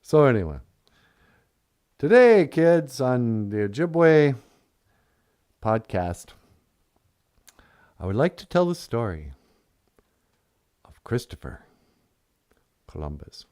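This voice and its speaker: A man's voice: medium pitch, very animated, slow pace, long pauses, darkish tone. A man telling a comedic story on a puppet podcast, full of rambling, jokey asides.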